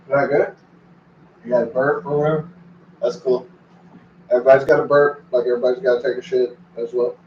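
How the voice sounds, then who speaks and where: A man's voice: mid-range voice, steady tone, a little fast, long pauses, slight background noise. A man in his forties rambling casually and profanely, breaking off to talk to his dog. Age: 40s. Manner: meandering, profane, talks to his dog between thoughts. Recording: echoey, distant, dull recording.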